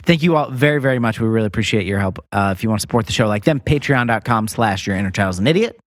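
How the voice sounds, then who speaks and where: Lively joking male podcast host. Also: lowish voice, rapid-fire, no echo. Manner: joking, teasing, laughs often. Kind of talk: casual podcast chat.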